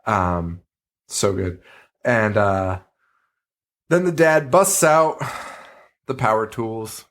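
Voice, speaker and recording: A man co-hosting a podcast in casual chat, animated, swearing freely and laughing often. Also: on the low side, drawn-out words. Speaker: podcast co-host.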